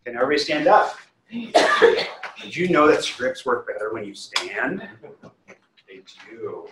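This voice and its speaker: Energetic male trainer in an echoey room. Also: medium pitch, measured pace. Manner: energetic, coaxing, asks the room questions. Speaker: real estate trainer. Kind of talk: classroom training talk. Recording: echoey room from far off, faint hiss.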